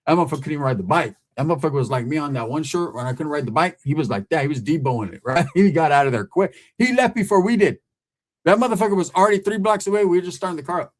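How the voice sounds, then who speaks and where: A man's voice: fairly high pitch, animated, racing. A man from California, telling a story in casual, street-slang style and often tagging his sentences with "right?". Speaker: host.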